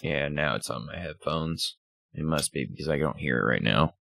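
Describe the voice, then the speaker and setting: A man's voice: extremely low pitch, moderate pace, vocal fry, fairly bright tone, dry recording. A male streamer with a groggy morning voice, chatting casually and rambling as he sets up a game, swearing now and then. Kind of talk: casual gaming livestream chatter.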